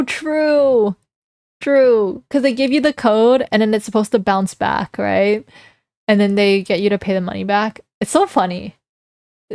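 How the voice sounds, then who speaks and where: A young woman streamer chats casually with her live chat, giggling as she reads comments aloud and then reacts. Her mid-range voice has a darkish tone, captured in clean studio sound with no room ambience.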